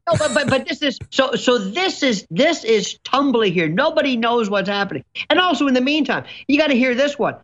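A man guest commentator ranting sarcastically in an animated chat, with ornate vocabulary and theatrical flourishes. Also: extremely high pitch, brisk, hardly any pauses, lo-fi sound.

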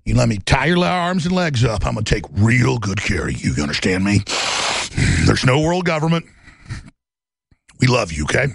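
A man voicing a coldly threatening male kidnapper in a low, growling, mock-soothing tone. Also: big pitch swings, moderate pace, gravelly, long pauses, no room sound, studio quality. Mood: sinister.

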